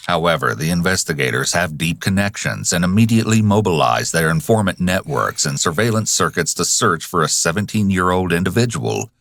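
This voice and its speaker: A man narrating a true crime documentary in a measured, dramatic way. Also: deep voice, lively intonation, vocal fry, fairly bright tone, no echo.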